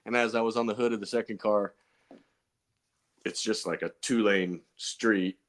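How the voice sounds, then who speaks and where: A man's voice: lowish voice, fairly even intonation, normal speed. A man, a pro BMX racer guest on a podcast, telling stories in a loose, rambling way full of fillers and restarts. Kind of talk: casual podcast storytelling.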